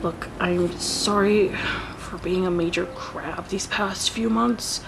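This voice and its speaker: A woman's voice: fairly low pitch, steady tone, slow, gravelly, background noise. A woman voicing a guarded, irritable teenage boy in an amateur voice drama, answering with short, defensive retorts. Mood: subdued. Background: background music.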